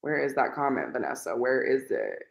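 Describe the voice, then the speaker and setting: A woman's voice: a bass voice, big pitch swings, normal speed, creaky. A woman co-hosting a casual reading livestream, chatty and rambling, often quoting people in put-on voices. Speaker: podcast co-host. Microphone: video call. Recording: echoey room on a laggy video call.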